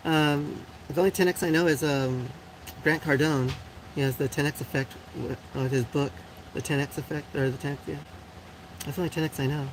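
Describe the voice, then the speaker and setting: A woman's voice: sits low, steady tone, brisk, noisy background. A woman in her forties hosting a live stream and chatting casually with viewers. She answers comments bluntly, with lots of fillers and frequent laughs. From Puerto Rico. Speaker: live show host.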